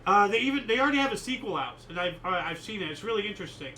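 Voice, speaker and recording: A man's voice: sits high, big pitch swings, very fast, pushed and bright, slight background noise, rough recording. A man hosting a casual history chat show, reading out dates and chatting about them in a rambling, opinionated way with many fillers. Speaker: host.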